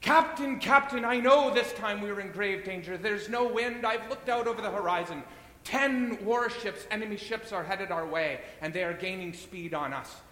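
A man's voice: moderate pace, few pauses, sharp tone. A man voicing a panicky first mate on a wartime ship, alarmed and breathless. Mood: hysterical. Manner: breathless and alarmed, voice jumping high. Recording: echoey hall with faint rumble.

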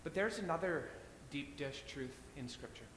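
A man preaching in a church, earnest and rhythmic as he repeats his key phrases. His voice is bright and a touch high, ringing in a long, echoey hall. A faint low rumble sits underneath. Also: lively intonation, normal speed. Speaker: pastor. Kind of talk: sermon.

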